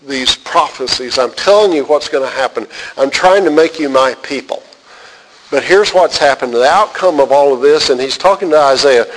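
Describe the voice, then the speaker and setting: A man teaching verse by verse from the Bible in an earnest, conversational way, sometimes dropping very quiet for emphasis. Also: mid-range voice, slight background noise, poor audio. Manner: earnest, conversational, drops to a near-whisper for emphasis. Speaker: pastor.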